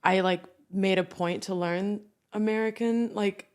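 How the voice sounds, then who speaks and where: A woman's voice: medium pitch, steady tone, measured pace, clear, resonant tone. Chatty young woman, casual podcast guest. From Turkey. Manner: chatty, full of "like" fillers. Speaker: guest actress.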